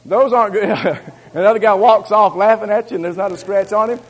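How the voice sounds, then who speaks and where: A man preaching a sermon, shifting between loud exhortation and low, confiding asides. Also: brisk, rough recording.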